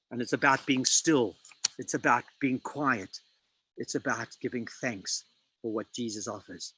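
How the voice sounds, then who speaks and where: A man preaching a sermon, dramatic and emphatic, quoting scripture with slow pauses. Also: mid-range voice, bright, forceful tone, husky, no room sound, rough recording.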